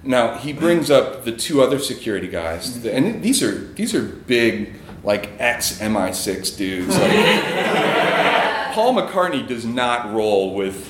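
A man's voice: mid-range voice, roomy sound, slight background noise. A man telling a personal story on stage in a casual, chuckling way, with many fillers.

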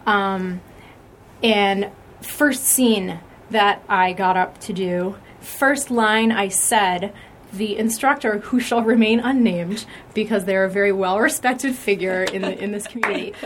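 A woman's voice: mid-range voice, unhurried, a little hiss or hum. A woman hosting a podcast, telling stories in a casual, rambling way with plenty of fillers and restarts. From New England, USA. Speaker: podcast host. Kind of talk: casual chat.

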